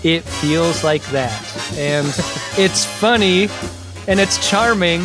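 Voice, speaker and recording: A man co-hosting a podcast in casual chat, animated and quick to laugh. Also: fairly high pitch, music in the background. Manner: chatty, animated, laughs often. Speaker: podcast co-host.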